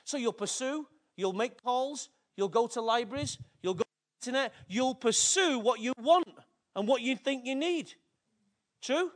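A man preaching a sermon to his church, fervent and emotional, with big swings in loudness. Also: extremely high pitch, lively intonation, moderate pace. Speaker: pastor.

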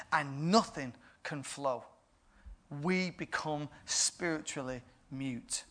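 A man preaching a sermon in a playful way, often laughing and building to loud bursts. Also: on the high side.

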